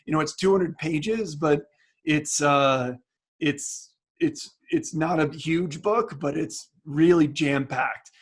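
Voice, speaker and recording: A man's voice: a little high, takes it slowly. A man being interviewed about his book, talking casually over a video call with lots of fillers and restarts. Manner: chatty, many restarts and fillers. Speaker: guest author.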